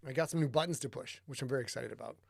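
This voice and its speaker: A man's voice: mid-range voice, rapid-fire, creaky, a little mellow, dry recording, studio quality. A man hosting a casual livestream, chatty, greeting viewers by name and muttering to himself while he sets up. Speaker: podcast host.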